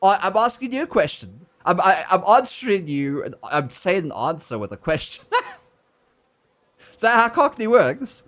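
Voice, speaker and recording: A man's voice: high-pitched, sing-song, moderate pace, few pauses, a bit bright. A man casually commentating a video game on stream, rambling and joking with a lot of laughter. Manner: giggly, rambling, mock-teasing.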